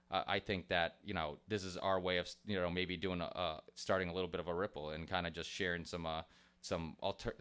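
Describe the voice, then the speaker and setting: A man's voice: low-pitched, fairly bright tone, smooth. A man hosting a podcast in casual chat, rambling with many restarts, swearing and laughing easily. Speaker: podcast host.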